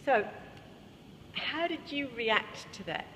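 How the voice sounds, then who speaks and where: Australian woman choir coach, high voice, talks slow, sings bits to show, echoey hall with faint background hiss. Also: lively intonation, fairly bright tone. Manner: demonstrates by singing, explains voice technique. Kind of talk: singing workshop teaching. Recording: reverberant hall, faint room noise.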